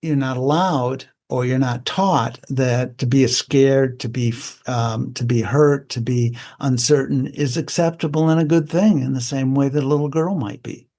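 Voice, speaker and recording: A man's voice: mid-range voice, steady tone, normal speed, few pauses, mellow. Older man, candid psychologist guest. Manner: candid, plain-spoken, reflective. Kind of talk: conversational interview.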